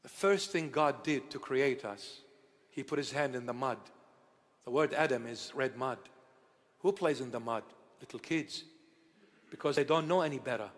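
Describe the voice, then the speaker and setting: A bishop giving a sermon, tender and playful in how he talks, now and then rising into loud outbursts, recorded in a church. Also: medium pitch, normal speed. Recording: church hall reverb.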